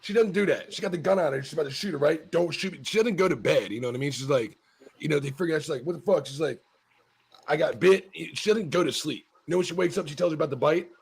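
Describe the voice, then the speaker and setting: A man's voice: on the high side, fast talker, vocal fry, darkish tone. A man hosting a casual talk show, rambling profanely with many restarts as he argues his point. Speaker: podcast host. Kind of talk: casual chat.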